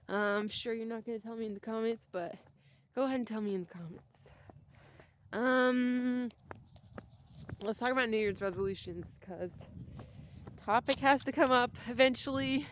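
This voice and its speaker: A woman's voice: fairly high pitch, slight background noise. A young adult woman vlogging outdoors on a cold winter walk, talking in a rambling, chatty way with jokey asides. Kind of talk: casual walking vlog.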